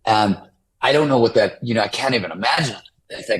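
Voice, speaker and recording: A man in his fifties talks as a guest in an interview. His voice sits a little low. He rambles in a casual way, full of fillers and restarts. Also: lively intonation, brisk, a bit bright, rough recording. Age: 50s. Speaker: author and guest.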